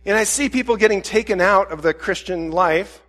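A man's voice: high-pitched, normal speed, a bit bright. A man preaching a candid, self-questioning sermon and voicing his own inner dialogue. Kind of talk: reflective sermon.

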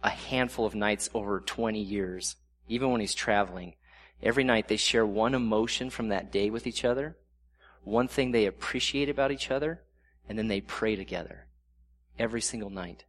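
A middle-aged man giving a sermon with a fairly low voice. He talks in an earnest, conversational way and slows down when he reads scripture aloud. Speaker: preacher.

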